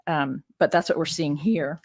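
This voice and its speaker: A woman's voice: low voice, steady tone, moderate pace, vocal fry, darkish tone, no room sound, clean studio sound. A woman scholar reading scripture aloud and commenting in a chatty, digressive way, with frank asides and rhetorical questions to her listeners. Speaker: biblical scholar and teacher.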